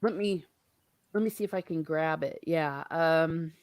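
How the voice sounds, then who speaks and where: Woman hosting a book chat, kinda low voice, real dry sound, chatty, laughs a lot. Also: a little slow, no room sound. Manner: chatty, animated, laughs often, swears casually. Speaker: book discussion host. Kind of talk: casual chat.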